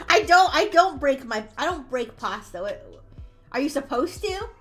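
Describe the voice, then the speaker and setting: A high-pitched woman talks casually on a live stream while drawing. She rambles, breaks off and restarts her sentences, and laughs easily. Soft music plays faintly under her voice. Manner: chatty and rambling, quick laughs, frequent restarts.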